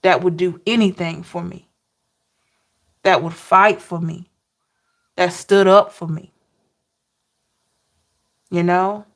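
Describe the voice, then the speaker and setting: A woman tarot reader sharing personal memories in a slow, emotional, heartfelt way, with soft hums between thoughts. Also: on the low side, steady tone. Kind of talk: personal reflective talk.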